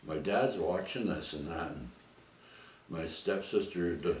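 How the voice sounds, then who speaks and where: Man, very deep voice, rambling storyteller, echoey room with faint noise behind. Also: unhurried, a little mellow, far from the mic. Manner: rambling, with frequent "eh?" and "right?" tags. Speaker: vlogger telling a personal story. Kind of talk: casual storytelling.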